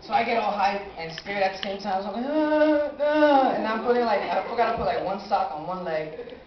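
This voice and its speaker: 18 yo guy doing a live story onstage, animated, roomy echoey sound, kinda dull audio. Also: high-pitched, a little fast, a little hiss or hum. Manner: animated, acts out his own reactions. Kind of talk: live personal storytelling on stage. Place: live stage in a small cafe venue.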